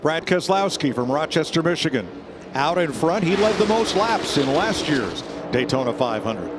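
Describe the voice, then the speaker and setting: A man calling a car race play-by-play in quick clipped phrases. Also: fairly high pitch, sing-song. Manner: brisk, names drivers in quick clipped phrases. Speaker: play-by-play announcer. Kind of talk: race commentary. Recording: loud race car engine noise behind.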